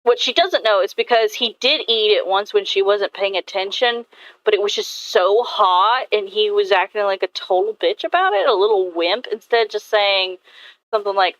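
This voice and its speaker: A woman's voice: medium pitch, normal speed, fairly bright tone, dry recording, lo-fi sound. A woman artist chatting casually and rambling about her characters, swearing now and then. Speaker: artist vlogger. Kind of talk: casual chat while drawing.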